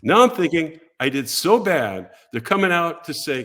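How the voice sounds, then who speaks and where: An older man tells a long story as a talk show guest, his pitch rising and falling a great deal. He slips into the voices of the people he quotes, keeping the telling animated and theatrical. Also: normal speed. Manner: lively, acts out voices and quotes in his stories.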